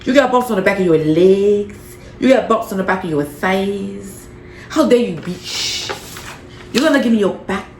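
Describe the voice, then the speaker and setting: A woman's voice: mid-range voice, lively intonation, normal speed, darkish tone, roomy sound, slight background noise, natural voice. A woman doing a furious cursing female boss. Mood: scolding. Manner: scolding, profane, mocking.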